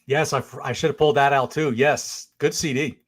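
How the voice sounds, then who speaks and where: A man's voice: medium pitch, fairly even intonation, fairly quick, slightly rough. A man co-hosting a livestream, chatting in an easygoing, joking way. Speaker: co-host. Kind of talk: casual chat on a livestream.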